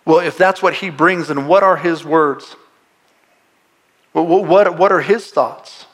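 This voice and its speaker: A man's voice: fairly high pitch, measured pace. A male pastor preaching a sermon to a live congregation, earnest and pleading, often repeating words and asking rhetorical questions.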